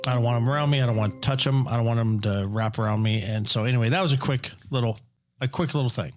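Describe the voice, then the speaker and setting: Over background music, a middle-aged man speaks fast at a medium pitch. He's a dad on a family podcast, spinning loose, lively stories and cursing freely as he goes.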